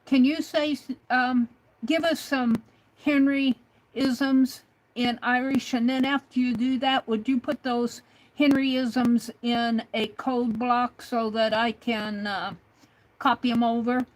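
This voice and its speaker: A woman's voice: fairly high pitch, fairly even intonation, takes it slowly, rough recording. A woman hosting a craft livestream, chatting casually and hesitantly with an AI assistant, with many fillers. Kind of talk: casual livestream talk to a chatbot.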